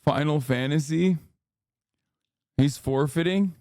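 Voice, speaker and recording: A man's voice: on the high side, slow, a little mellow, no echo, clean studio sound. A man streaming casual commentary on a debate clip, joking and sarcastic, rambling with many fillers.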